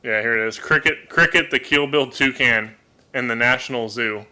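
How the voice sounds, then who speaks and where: A man who keeps toucans hosts a casual live stream from a room at home, speaking into a desk microphone. His medium-pitched voice is very bright and smooth at a normal pace, and he's chatty and apologetic, often restarting or repeating words while he thinks.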